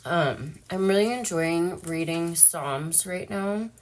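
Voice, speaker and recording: A woman's voice: lowish voice, slow pace, slight background noise. A young woman talking casually and emotionally in a personal vlog, chatty and full of fillers. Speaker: vlogger.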